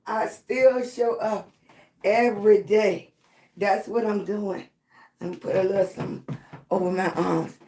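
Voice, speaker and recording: A middle-aged woman with a hoarse, raspy voice hosts a casual livestream and talks at an unhurried, slow pace. She greets her viewers one by one and speaks to them affectionately and encouragingly. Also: mid-range voice, fairly even intonation, mellow. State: hoarse, voice not fully back. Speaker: livestream host.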